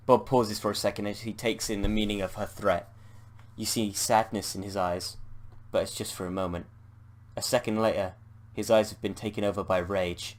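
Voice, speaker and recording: British man reading a text adventure game aloud as a gamer, slightly low voice, playful, swears at slips. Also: level tone, normal speed. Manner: playful, swears at slip-ups.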